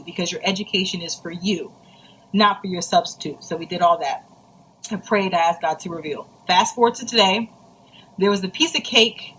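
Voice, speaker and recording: A woman's voice: medium pitch, fairly bright tone, a little hiss or hum, low-quality recording. A young woman speaking casually and earnestly to other mothers, telling a personal story with heartfelt, faith-filled encouragement. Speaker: mom sharing a personal story.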